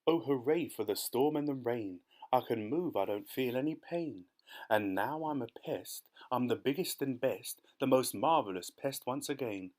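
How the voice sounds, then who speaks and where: A man doing a giddy, high-pitched centipede. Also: lively intonation, normal speed, close to an everyday voice. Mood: gleeful. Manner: gleeful sing-song boasting. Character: excitable boastful male centipede.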